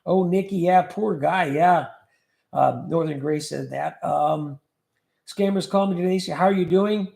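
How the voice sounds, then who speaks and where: His voice is fairly high yet gravelly with a darkish tone, and he keeps a measured pace. Hosting a livestream from an echoey room, he jokes around and reads out what viewers comment.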